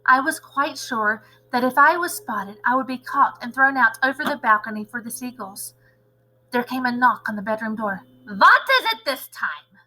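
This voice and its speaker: A woman teacher reading a children's novel aloud in an expressive, animated way. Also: on the high side, moderate pace, poor audio. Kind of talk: storybook read-aloud narration.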